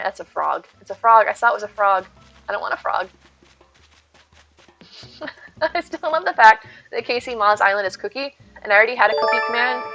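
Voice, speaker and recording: Bubbly bright-voiced woman streamer. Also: medium pitch, dry recording. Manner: bubbly and chatty, thanking viewers, giggly asides. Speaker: streamer hosting a game stream. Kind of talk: casual live-stream chat, reading chat aloud. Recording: dull lo-fi stream audio. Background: faint game music.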